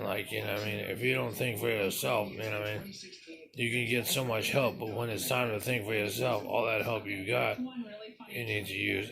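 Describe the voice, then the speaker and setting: A man's voice: fairly low pitch, vocal fry. A man talking casually in a rambling way, restarting his sentences, swearing, and asking "you know what I mean" again and again.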